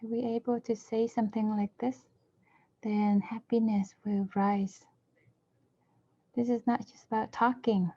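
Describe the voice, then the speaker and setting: A woman interpreting a dharma talk, speaking in measured short phrases and now and then correcting herself mid-word. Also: on the high side, level tone. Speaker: interpreter for a Buddhist teacher. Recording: dull lo-fi recording.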